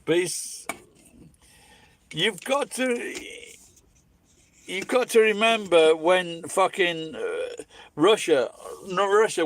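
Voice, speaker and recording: A man's voice: on the high side, no room sound. A Scottish man delivering a blunt, heavily profane, opinionated rant in a casual monologue. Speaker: vlogger.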